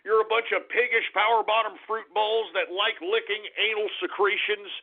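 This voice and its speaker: A man hosting a talk radio show, ranting crudely and insulting his critics, sometimes shouting. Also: high-pitched, level tone, moderate pace. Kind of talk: angry talk radio rant. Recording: tinny phone-like lo-fi radio.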